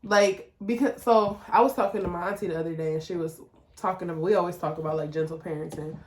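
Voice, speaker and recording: Speaking fast in a steady tone, this Detroit-accented podcast co-host keeps the casual chat candid and full of profanity. She laughs often and mimics her kid in a high-pitched voice, all captured in an echoey room.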